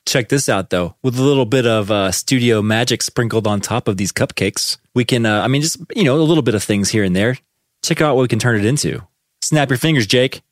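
A man's voice: medium pitch, brisk, no room sound. A man co-hosting a podcast from his own studio, chatting with enthusiasm about how tracks are put together. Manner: enthusiastic, chatty, uses fillers. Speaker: podcast co-host, studio owner. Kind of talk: casual chat about studio production.

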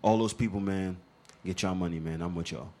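A man's voice: sits low, a little fast, warm tone, slight background noise. A man in casual chat, cutting in with blunt remarks and reading a notice aloud.

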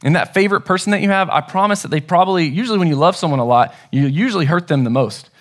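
A man in his thirties delivers a sermon as a pastor. His voice sits somewhat high, and he speaks in an earnest, conversational way, with small restarts as he tells stories about his family. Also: quick pace, a bit bright.

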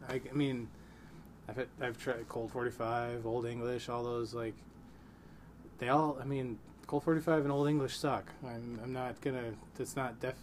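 Easygoing male co-host, mid-pitched and hedging, with faint room hiss. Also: fairly even intonation, normal speed, a little mellow. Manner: laid-back, hedging, laughs often. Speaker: podcast co-host. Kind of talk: casual beer-tasting chat.

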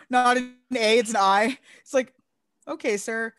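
A woman co-hosting a podcast in casual chat, sarcastic and profane with quick asides. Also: fairly high pitch, very animated, no room sound. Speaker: podcast co-host.

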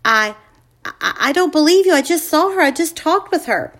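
Nervous stammering teenage boy, voiced by a woman reader, higher when alarmed. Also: little pitch movement, brisk, natural voice.

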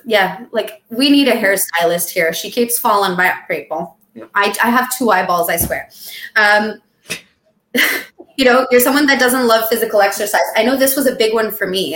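A woman co-hosting a relaxed podcast, chatty and expressive, with a playful joking streak. Her pitch sits in a middle range for a woman. The recording carries a noticeable echo from the room around her. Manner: chatty and expressive, jokey, acts out dramatic quotes. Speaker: podcast co-host. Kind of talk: casual chat about weight loss.

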